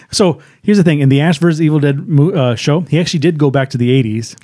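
Halting man recapping a horror film. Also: fairly high pitch, warm tone, no room sound, studio quality. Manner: halting, many fillers and restarts, acts out film lines. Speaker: podcast co-host reviewing a film. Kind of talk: casual chat.

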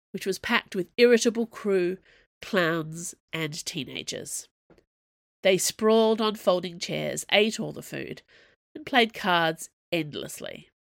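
Woman narrator, audiobook reading, low voice, dry close recording. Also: creaky, fairly bright tone, dry recording.

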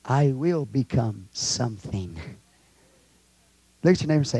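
Fervent preacher, swinging from hush to shout. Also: male voice, medium pitch, animated, unhurried, creaky, breathy edge. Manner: fervent, call-and-response preaching, swings between hushed prayer and loud exhortation. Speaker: pastor. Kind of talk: sermon. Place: church sanctuary.

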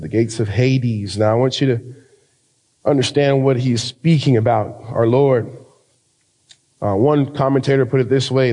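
American pastor guy preaching hard, mid-pitched voice, drags out the big lines slow. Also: steady tone, poor audio. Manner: impassioned preaching, rising to loud emphatic peaks; stretches key phrases slowly for emphasis. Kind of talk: sermon.

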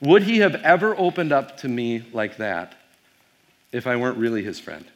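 A man's voice: mid-range voice, very animated, normal speed. A man, a pastor, giving a casual keynote talk to a youth audience, telling stories with fillers and quizzing the crowd.

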